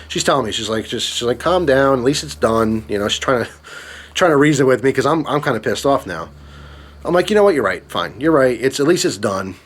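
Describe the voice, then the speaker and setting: Young adult male vlogger, angry storytime rant, heated and profane, stumbling restarts. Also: mid-range voice. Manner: worked-up, swearing, frequent restarts.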